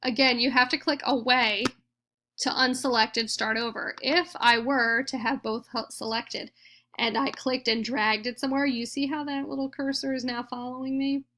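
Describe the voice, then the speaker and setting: A woman teacher talks through a computer tutorial in a fairly high voice. She explains each click patiently, one step at a time. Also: fairly even intonation, moderate pace, pushed and bright. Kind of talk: screen-recorded tutorial.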